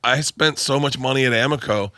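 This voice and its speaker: A man co-hosting a podcast, telling crude stories in casual chat and bursting into loud laughter. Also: medium pitch, fairly quick, no echo, studio quality. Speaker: podcast co-host.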